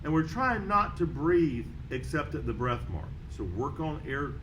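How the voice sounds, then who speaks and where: A man's voice: on the high side, very animated, measured pace, noisy background. A man teaching a beginner trumpet lesson, calling out note names and counting in steadily. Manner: counts off and calls out notes steadily. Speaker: band teacher. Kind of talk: instrument lesson walkthrough.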